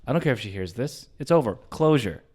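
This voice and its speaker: A young man co-hosting a comedy podcast, telling a personal story in a loud, animated way, swearing freely and dropping to a hush for the tender parts. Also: medium pitch, fast, breathy edge. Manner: animated, swears a lot, swings from loud to hushed. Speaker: podcast co-host.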